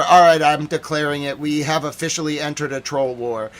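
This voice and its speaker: A man hosting a live stream, joking and repeating himself as he reacts to news footage, swinging between loud outbursts and quiet mutters. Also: a little high, steady tone, a little fast.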